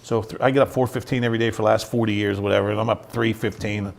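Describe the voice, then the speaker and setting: A man's voice: fairly low pitch, fairly even intonation, rapid-fire, creaky. A middle-aged man, a guest on an interview show, giving an earnest personal testimony and acting out the voices of people in his story. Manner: earnest storyteller who acts out quoted dialogue. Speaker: guest, youth ministry founder.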